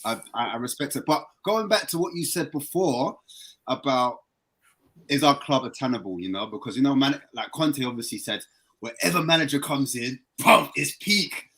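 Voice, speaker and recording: A man talking as a football fan guest on a casual podcast, animated and excitable, his voice jumping higher when worked up. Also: normal speed.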